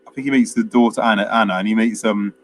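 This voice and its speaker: A man's voice: on the low side, steady tone, quick pace, slight background noise. A man, chatting casually as a podcast co-host and retelling film scenes at length with many fillers. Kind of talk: casual film review chat.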